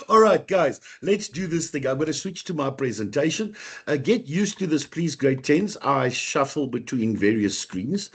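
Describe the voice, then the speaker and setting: A husky-voiced man with a South African accent teaches a live online class. His tone is upbeat and chatty, and he calls out students by name as they join. His pitch sits at an everyday middle level. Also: big pitch swings, measured pace. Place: online video meeting.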